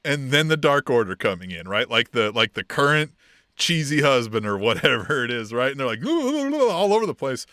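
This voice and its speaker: Male podcast co-host, lively pitch, close dry sound, profane and animated recapper. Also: a little fast, no room sound. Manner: animated, swears freely, acts out quotes in mock voices. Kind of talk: casual wrestling recap chat.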